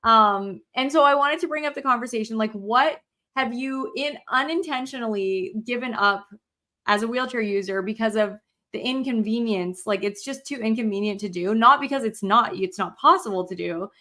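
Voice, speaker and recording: A woman co-hosting a relaxed conversation. Her voice is a little high. She talks frankly and loosely, with plenty of fillers and the odd curse word. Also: normal speed. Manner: frank and chatty, swears, heavy filler "like". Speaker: co-host. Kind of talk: casual chat.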